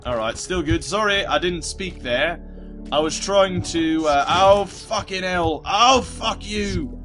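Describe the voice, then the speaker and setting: A man's voice: fairly high pitch, measured pace, fairly bright tone, soft background music. A man giving casual gameplay commentary, rambling and self-mocking, cursing at the game and slipping into a put-on British accent at times. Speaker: let's play commentator.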